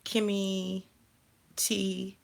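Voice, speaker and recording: A woman's voice: mid-range voice, flat delivery, drawn-out words, vocal fry. A woman hosting a casual live stream, chatting and thinking aloud while she fumbles through her channel settings. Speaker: life coach and channel host.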